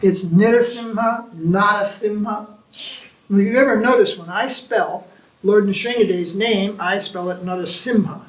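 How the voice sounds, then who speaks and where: Male spiritual teacher, high-pitched, lively and storytelling, recorded from afar in a reverberant room. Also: a little slow. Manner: animated storytelling, mimics chanting. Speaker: spiritual teacher answering questions. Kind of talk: informal Q&A talk. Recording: echoey room from far off.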